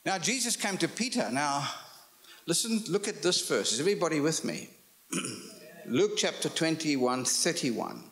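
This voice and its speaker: A man's voice: fairly high pitch, very animated, fairly bright tone. A man preaching a sermon, teaching through scripture and checking in with his audience. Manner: slow, emphatic teaching, asks the audience questions.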